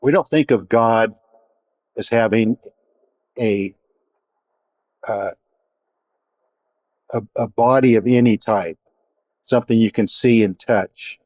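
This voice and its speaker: A man teaching a Bible study in a measured, reflective way, pausing and restarting as he explains. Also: on the low side, a little mellow, dry recording.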